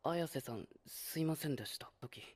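A man's voice: a little high, quick pace, breathy edge. An actor playing a timid, apologetic teenage boy in an anime. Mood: earnest. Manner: soft, apologetic. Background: anime score.

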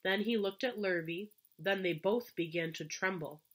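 A woman teacher reading a children's storybook aloud to fourth graders in a gentle, expressive way. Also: medium pitch, normal speed, heavy background noise.

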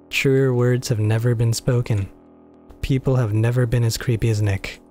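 A man's voice: medium pitch, fairly even intonation, normal speed, dark tone, soft background music. A young man commentating a game as a let's play, joking and swearing in mock horror as he reads the game's text aloud. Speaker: gaming YouTuber.

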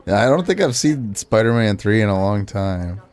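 A man's voice: on the low side, expressive, normal speed, a little mellow. A man co-hosting a comedy gaming show, skeptically questioning the others' claims in casual banter. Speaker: let's play co-host.

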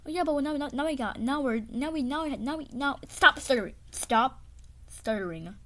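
A woman voicing a cheerful, thoughtless clay boy in a home toy play-acting video, with stammering, excited baby talk. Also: sits high, normal speed. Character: cheerful clay boy, carefree and thoughtless toward his friend.

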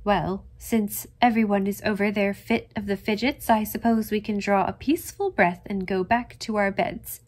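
A woman's voice: medium pitch, fairly even intonation, normal speed, hardly any pauses, darkish tone, natural voice. A woman voicing a plaintive, shrewish older aunt in a storybook reading. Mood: sour. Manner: plaintive and sour.

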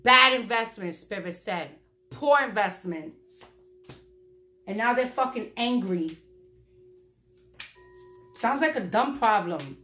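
A woman doing a casual tarot reading for her viewers, blunt, profane and animated. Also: mid-range voice, slow pace, long pauses, soft background music. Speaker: tarot reader. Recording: echoey room.

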